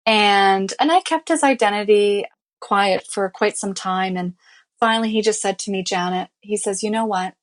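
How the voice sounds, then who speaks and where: An interview-show guest, a woman of medium pitch talking at normal speed, recounts her life with candor and earnestness. Emotion comes through as she relives each event, her words peppered with "you know" and "I mean."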